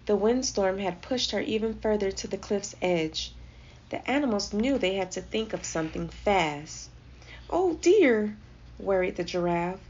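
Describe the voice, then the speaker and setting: A woman reading a children's storybook aloud with expressive, gentle storytelling. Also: medium pitch. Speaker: storybook reader. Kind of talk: children's read-aloud narration. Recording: slightly dull lo-fi audio with faint noise.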